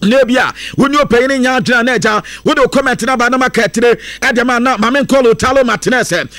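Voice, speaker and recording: A man presenting football news in a lively, casual way, lilting into a sing-song now and then. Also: very high voice, fast talker, dry recording. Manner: lively, mixes English into Akan, sing-song lilts and bursts of laughter.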